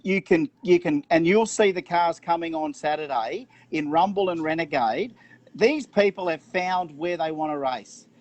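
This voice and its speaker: Excited Australian man, bright voice. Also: fairly high pitch, lo-fi sound. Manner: fast, enthusiastic, repeats words when excited. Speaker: drag racing commentator. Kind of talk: excited live chat at a race event.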